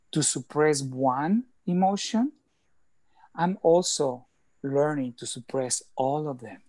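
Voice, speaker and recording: A man speaking as an interview guest and coach, explaining ideas earnestly with slightly halting phrasing. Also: fairly high pitch, darkish tone, no room sound. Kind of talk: conversational interview talk.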